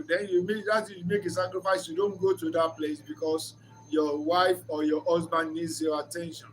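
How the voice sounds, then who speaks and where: A man's voice: high voice, normal speed, fairly bright tone, a little hiss or hum. A man giving an earnest, preacher-like reflective talk on marriage, mixing in story retellings. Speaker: speaker of a reflection channel.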